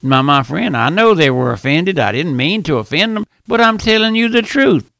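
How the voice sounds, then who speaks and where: Male pastor, fiery radio sermon delivery, high gravelly tone. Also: very animated, normal speed, no room sound. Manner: fervent preaching, swings from pleading hush to shouting.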